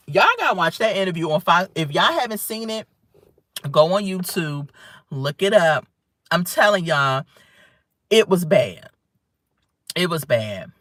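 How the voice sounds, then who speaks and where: A woman's voice: mid-range voice, dry recording. Emphatic woman venting in a dry car. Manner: animated, emphatic, talks straight to viewers. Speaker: vlogger. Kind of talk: casual opinion vlog while driving home.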